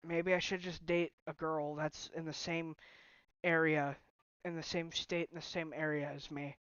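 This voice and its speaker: A man's voice: on the high side, level tone, a little slow, fairly bright tone, smooth. Brief: young man livestreaming from his phone, hurt and emotional, sighing often; dull lo-fi sound, no room echo. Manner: upset, voice breaking, sighing. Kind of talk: emotional personal talk to viewers.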